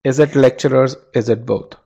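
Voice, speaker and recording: A man's voice: mid-range voice, steady tone, normal speed, gravelly, mellow, slightly rough, highs cut off. A man teaching a live online test-prep webinar, asking the class questions and restarting phrases with repeated words.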